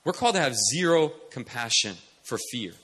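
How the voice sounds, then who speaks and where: A man preaching a sermon, animated, shifting from soft mimicry to loud commands. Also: mid-range voice, brisk, breathy edge. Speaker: pastor.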